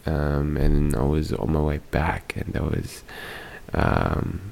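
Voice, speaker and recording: A man hosting a casual podcast monologue, talking quietly with frequent ums so as not to wake others at home. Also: very deep voice, slow pace, vocal fry. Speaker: podcast host. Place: home at night, others sleeping nearby.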